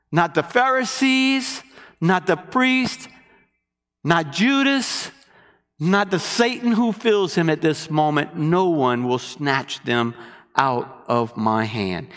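A man preaching a sermon, animated, asking the congregation questions and waiting for answers. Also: high-pitched, in a large hall.

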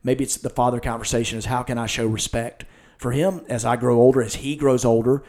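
A man's voice: medium pitch, steady tone, a little fast, a little mellow. A man hosting a church podcast conversation, talking earnestly and retelling scenes with quoted lines.

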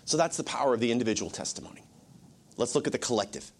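A man's voice: medium pitch, lively intonation, rapid-fire. A male pastor preaching a sermon, dropping to whispers and rising to urgent, raised lines, a bit sniffly and emotional.

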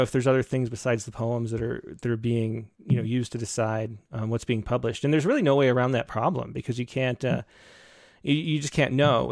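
A man's voice: medium pitch, darkish tone, no echo. Thoughtful man, dry close sound. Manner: thoughtful, searching for words. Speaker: podcast host. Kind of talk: conversational interview.

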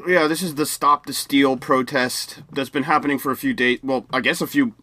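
A man's voice: mid-range voice, fairly even intonation, normal speed, sharp tone. A man co-hosting a podcast in casual chat, rambling and correcting himself as he goes. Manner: rambling, restarts and self-corrections. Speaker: podcast co-host.

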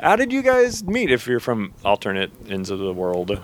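A man's voice: on the low side, huge pitch swings, moderate pace, slight background noise. A man hosts a loose podcast chat in a hotel room. His voice rises and falls freely as he jokes and asks questions, often breaking off and starting his sentences again. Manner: joking, asks questions, trails off and restarts. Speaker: podcast host. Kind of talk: casual chat.

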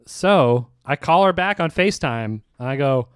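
Young male podcast host, smooth clear tone, animated storyteller who acts out the lines, dry close sound. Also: medium pitch, normal speed, no echo. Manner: animated, laughing, acts out quoted dialogue. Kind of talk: casual storytelling chat.

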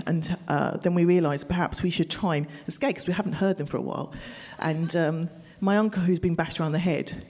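Animated woman telling a live story. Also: medium pitch. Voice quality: expressive, swings into loud exasperated outbursts. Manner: animated, breaks into laughter, acts out family voices. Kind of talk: live personal storytelling to an audience.

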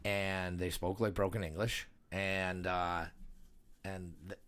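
A man's voice: sits low, flat delivery, slow pace, fairly bright tone, clear, resonant tone. A man casually telling a story to a friend, rambling, swearing freely and laughing as he goes. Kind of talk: casual chat.

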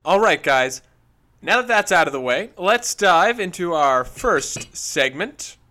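A man co-hosting a casual podcast, playful and expressive. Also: high-pitched, takes it slowly. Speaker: podcast co-host.

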